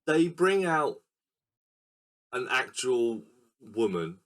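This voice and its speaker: A man's voice: medium pitch, sing-song, drawn-out words, fairly bright tone. A man co-hosting a casual film podcast, explaining scenes and acting them out in silly voices. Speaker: podcast co-host. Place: recording room.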